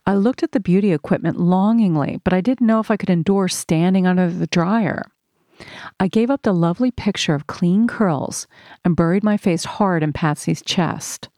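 Woman reading her memoir, kinda low voice, earnest and steady, dry no room sound. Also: no room sound. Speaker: narrator. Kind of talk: first-person memoir read aloud.

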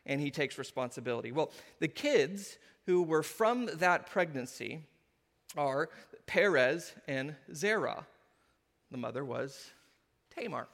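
Guy preaching a sermon, bright voice, big echoey hall, tells the story with funny asides. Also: fairly high pitch, moderate pace. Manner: animated storytelling, jokey asides, acts out quoted voices. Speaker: pastor. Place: church hall with congregation.

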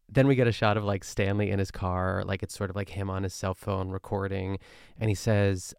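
A man hosts a solo podcast in a rambling, chatty way, often stopping to question himself. His voice sits low and carries a gravelly fry. The sound is dry and close, with no room around it. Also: flat delivery, brisk, no echo. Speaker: podcast host. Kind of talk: casual solo recap chat.

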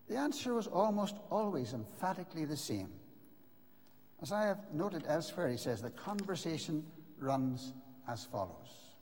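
An older man preaching in a church, his fairly high voice swinging widely in pitch as he presses each point. He speaks earnestly, slowing for dramatic pauses. The sound carries a long hall reverb. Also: a little mellow. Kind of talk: sermon.

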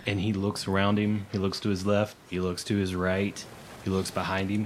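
A man with a low-pitched voice runs a tabletop game, narrating playfully and dropping into character voices. A faint hum of noise sits behind him. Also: completely flat delivery, normal speed. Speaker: game master.

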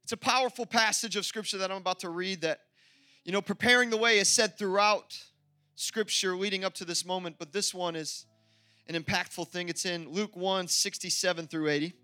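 Male pastor, energetic sermon delivery with playful asides; high, sharp voice. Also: brisk, no room sound, faint music behind.

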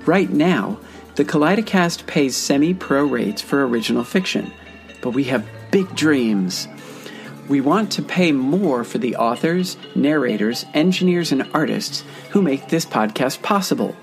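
An earnest man of middle pitch reads a scripted appeal for his podcast in a measured, steady manner. A faint bed of music runs behind him. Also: creaky. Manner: earnest, measured, spells things out. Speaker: podcast host.

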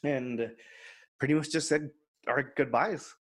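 A man's voice: mid-range voice, a little slow, fairly bright tone. A man co-hosting a podcast, candidly telling a personal story in casual chat and quoting others in his own voice. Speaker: podcast co-host.

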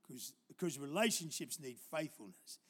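An older man preaching a live church sermon, telling stories and moving between loud exhortation and quiet, tender asides. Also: a little high, sing-song, a little slow, husky. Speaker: pastor. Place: church auditorium.

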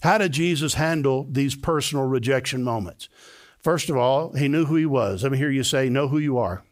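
An older man, a pastor, preaching a sermon with emphatic delivery that climbs to high, excited peaks. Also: moderate pace.

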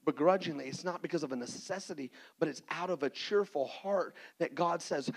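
A man preaching a sermon as pastor, animated and playful, acting out little scenes for the congregation. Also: on the high side, brisk, few pauses, rough recording.

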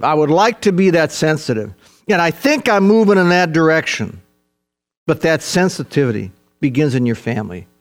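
An older man preaching a sermon, earnest and emphatic, repeating key phrases and calling his listeners folks. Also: fairly high pitch. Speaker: pastor.

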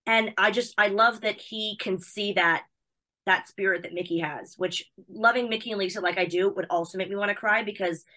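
Woman from the US, rapid talker, bright tense tone, bubbly, excitable, chatty interview guest. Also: medium pitch. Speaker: interview guest, wrestling personality. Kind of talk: casual chat.

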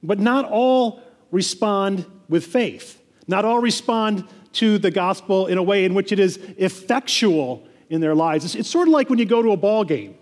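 A man's voice: sits high, darkish tone, big-room sound. A man preaching a sermon as pastor, earnest, often repeating words and restarting phrases.

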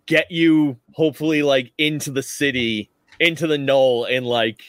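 A man narrating as game master of a tabletop game, relaxed and rambling with frequent laughs. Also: medium pitch, moderate pace, smooth, dry recording, studio quality.

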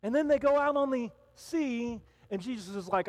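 A man's voice: high-pitched, expressive, moderate pace, hardly any pauses. A man preaching a sermon to a congregation in a hall, talking animatedly and acting out the voices of people in the story. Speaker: pastor. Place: hall with an audience.

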